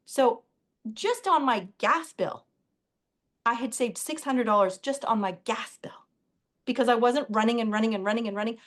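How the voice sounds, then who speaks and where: A woman with a slightly high voice talks on an interview show as the guest. Her speech is chatty and animated. She drops into quoted exchanges as she tells her stories. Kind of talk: casual interview storytelling.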